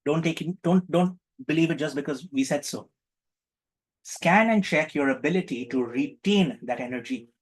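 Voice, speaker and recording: A man's voice: on the high side, normal speed. A man leading an online group healing session on a video call, playful and teacherly, repeating his questions to the group. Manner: playful, repetitive teacherly prompting.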